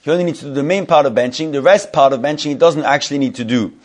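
A man teaching a Torah study class, reading Hebrew text quickly and then explaining it in English, often restarting phrases and asking his students questions. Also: a little high, a little mellow.

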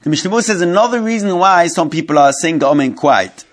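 A man's voice: on the high side, animated. Man teaching a religious text class. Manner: reads Hebrew text in a quick mumble, then explains it slowly in English; restarts and repeats phrases, asks the class questions. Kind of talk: Torah study class, explaining a legal text.

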